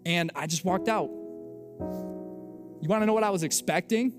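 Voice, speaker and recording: A young adult man, a pastor, telling a story in a sermon with animated, self-mocking delivery and acted-out dialogue. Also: fairly high pitch, moderate pace, pauses often, music in the background.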